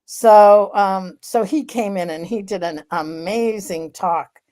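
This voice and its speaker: A woman co-hosting a candid podcast conversation, explaining in a measured, deliberate way with frequent fillers. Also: medium pitch, warm tone. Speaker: podcast co-host, researcher.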